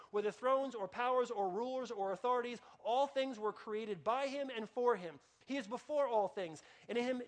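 A man with a very high-pitched voice preaches a sermon from the pulpit. He speaks emphatically, often restarting sentences and repeating key phrases for weight. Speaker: pastor.

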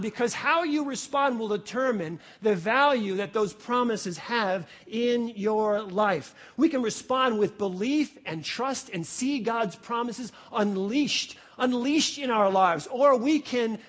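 A man preaching a sermon in a lively, conversational way, acting out little voices and asking rhetorical questions. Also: very high voice, measured pace, few pauses. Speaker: pastor.

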